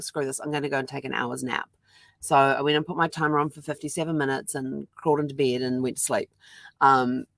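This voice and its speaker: A woman with a New Zealand accent talks casually in a daily vlog, rambling with many ums. Her voice sits low. The sound is dry and close. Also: no room sound. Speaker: vlogger. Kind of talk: casual chat. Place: at home with her dog.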